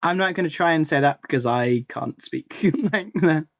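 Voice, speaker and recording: A co-host of a live-streamed chat, playful and quick to giggle. Mid-pitched, recorded close up with a dry, dead sound. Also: dry recording. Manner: giggly, playful, laughs often. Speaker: podcast co-host.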